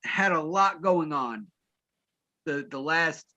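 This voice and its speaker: A man's voice: fairly high pitch, takes it slowly, pushed and bright, lo-fi sound. A man hosting a live sports talk show, bantering with his co-host in a playful, mock-formal way.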